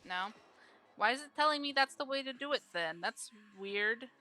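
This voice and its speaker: A woman's voice: on the high side, expressive, normal speed, bright, forceful tone, faint music behind. A woman streamer giving casual live commentary on a game, grumbling aloud and swearing freely.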